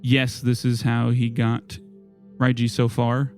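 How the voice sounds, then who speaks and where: A man's voice: medium pitch, monotone, slow, darkish tone, faint music behind. A man running a tabletop game as game master, describing scenes in a loose, filler-heavy way.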